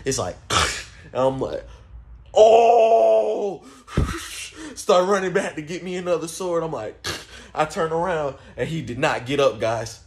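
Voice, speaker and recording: A man narrating a story-time vlog in a casual, animated way, often calling out to his viewers. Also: fairly high pitch, moderate pace. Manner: animated, addresses viewers as guys and y'all. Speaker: storytime vlogger.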